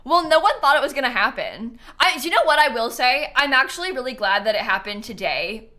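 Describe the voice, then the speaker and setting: Bubbly, animated young woman streamer. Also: high-pitched, a little fast. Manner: excitable, squealing, laughing often. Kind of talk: casual live-stream chat.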